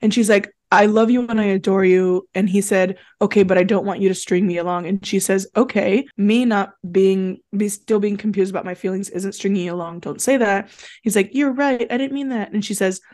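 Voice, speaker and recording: A woman's voice: mid-range voice, brisk. Giggly young woman recapping with friends. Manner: chatty, giggly, acts out quotes in a flat deadpan. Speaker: podcast co-host recapping a reality show. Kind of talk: casual chat.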